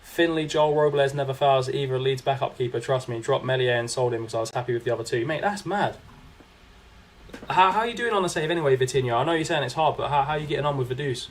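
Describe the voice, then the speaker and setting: A young man with a mid-range voice talks at a quick pace, chatting casually as he commentates his own game on a live stream. He's chatty, reacting to the action, reading chat aloud and answering viewers.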